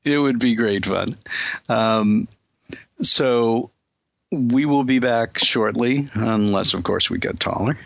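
Man, radio host, gravelly low voice, dry dull sound, relaxed and chatty. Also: dry recording. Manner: relaxed, chatty, with many fillers and restarts. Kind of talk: casual radio interview.

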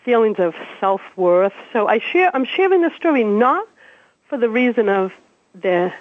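A woman in her fifties from Massachusetts, a guest telling her life story in an animated, chatty way and laughing as she goes. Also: a little high, unhurried, no room sound. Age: 50s. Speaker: interview guest. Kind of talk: casual storytelling. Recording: dry, tinny phone-like radio sound.

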